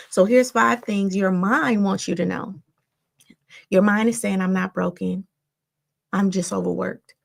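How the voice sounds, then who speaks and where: A woman with a gravelly, creaky voice at a middle pitch, talking listeners through a self-help lesson like a therapist. She keeps checking in with "right?" and "all right?" as she explains. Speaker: therapist and podcast host. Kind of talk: motivational self-help talk.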